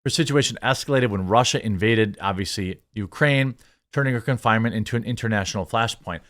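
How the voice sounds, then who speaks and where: A man's voice: lowish voice, fairly quick, a bit bright. A man hosting an online commentary video, reading article excerpts aloud and answering them with mocking, indignant remarks. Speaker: commentary channel host.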